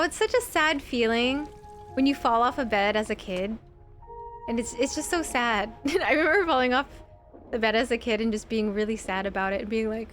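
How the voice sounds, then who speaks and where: This video game streamer, a young adult woman, has a fairly bright voice on the high side. She gives chatty, casual let's-play commentary, giggling often and peppering her speech with "like."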